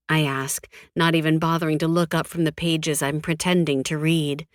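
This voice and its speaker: A woman narrating a first-person audiobook in a cold, flat, defiant tone, with frequent swearing. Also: sits low, normal speed, dry recording, clean studio sound.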